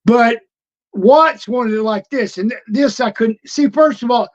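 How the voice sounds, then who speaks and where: Over dull, lo-fi stream audio, a retired pro wrestler guest, an older man, tells road stories in a casual interview. His voice is extremely high-pitched and unhurried, and he animatedly acts out old conversations.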